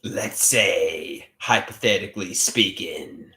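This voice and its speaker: A man's voice: low-pitched, takes it slowly, bright, forceful tone. A man hosting a casual livestream, rambling, repeating himself and greeting viewers by name as he reads their comments. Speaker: livestream host.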